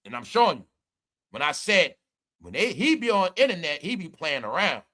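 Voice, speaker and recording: Man, high voice, bright edgy tone, ranting commentary, drops to mutters then shouts. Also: moderate pace. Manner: animated, ranting, swings from low mutters to shouting. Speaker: commentary channel host. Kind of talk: casual entertainment commentary.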